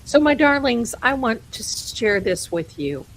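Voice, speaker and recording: A woman's voice: a little high, very animated, measured pace, rough recording. A woman hosting a live stream, chatting casually and rambling, amused by her own jokes and calling viewers her darlings. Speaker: livestream host.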